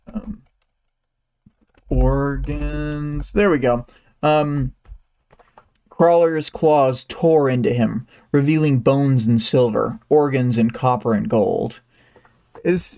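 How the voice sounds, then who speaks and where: A man's voice: medium pitch, takes it slowly, creaky, darkish tone. A man hosting a livestream, recapping a story chapter in a loose, casual way, with frequent ums and small asides. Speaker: livestream host.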